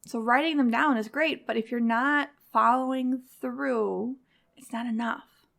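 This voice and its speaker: Gravelly encouraging woman host. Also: on the high side, fairly even intonation, a little slow, fairly bright tone. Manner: direct, encouraging, conversational. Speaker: podcast host. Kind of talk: motivational talk to mothers.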